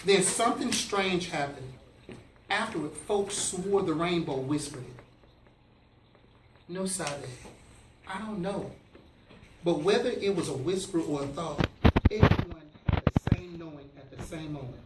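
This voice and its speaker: A man reads a storybook aloud to his students, animated and playful, and pauses often to quiz them. He is captured from the back of an echoey classroom, with clear background noise. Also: on the high side, far from the mic. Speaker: teacher.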